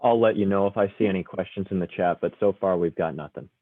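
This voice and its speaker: A man's voice: low voice, quick pace, dry recording. A man moderating a virtual workshop, briefly relaying questions from the chat over a video call. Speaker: event moderator. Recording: tinny video-call audio, faint radio.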